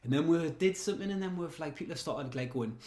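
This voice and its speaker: A man's voice: a little high, lively intonation, quick pace, darkish tone, reverberant. A man co-hosting a comedy podcast, riffing on silly, absurd ideas. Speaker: podcast co-host. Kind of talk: casual comedy chat.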